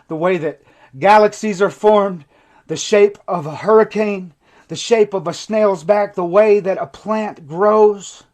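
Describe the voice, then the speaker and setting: A man who coaches people in recovery, giving an impassioned, emotional livestream monologue that swings from intense to hushed. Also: sits high. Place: TikTok live stream.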